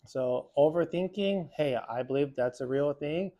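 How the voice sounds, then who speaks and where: A man working as a therapist, talking casually and reflectively to the camera in an unhurried way, with frequent fillers. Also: a little high, mellow, dull audio.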